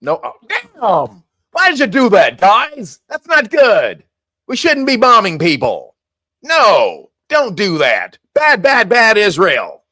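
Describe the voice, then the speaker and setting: A man's voice: a little high, expressive, fairly quick, fairly bright tone, no echo, studio quality. A man putting on a whiny older male president who fakes anger at an ally, scolding in childish repeated phrases. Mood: mock scolding. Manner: mock-scolding, childish repetition.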